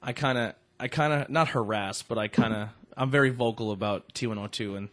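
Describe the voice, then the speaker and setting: A man's voice: on the low side, brisk, a bit bright. A man hosting a podcast interview in a studio, talking in an upbeat, chatty way and often agreeing with his guest. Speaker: podcast host. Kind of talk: casual interview chat. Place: radio studio.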